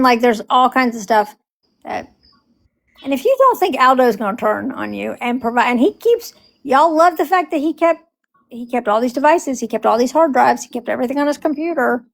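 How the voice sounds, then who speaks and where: A woman's voice: high voice, lively intonation, a little fast, gravelly, poor audio. A woman co-hosting a casual group discussion, explaining emphatically and acting out quotes.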